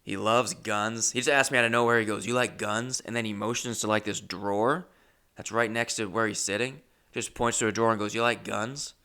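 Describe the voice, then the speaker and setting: Gravelly, bright-voiced male comic storyteller. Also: on the low side, a little fast. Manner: profane, animated anecdote-telling. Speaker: comedian. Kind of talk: storytelling comedy podcast.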